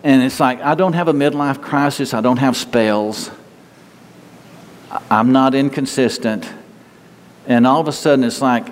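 A man's voice: mid-range voice, fairly even intonation, moderate pace, big-room sound. A man pastor preaching a sermon in an earnest, conversational way, often repeating and restarting his words.

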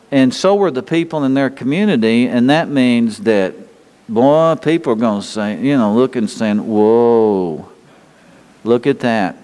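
Folksy older pastor in a reverberant hall. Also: male voice, mid-range voice, darkish tone. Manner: folksy, rambling with frequent restarts. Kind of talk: sermon.

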